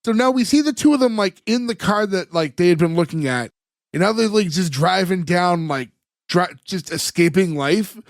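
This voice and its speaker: Guy with a higherish voice rambling thru a recap, lots of likes and ums, dry close mic. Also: expressive, moderate pace, no echo. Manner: rambling, many filler words, retells scenes. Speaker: podcast co-host. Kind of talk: casual chat recapping an episode.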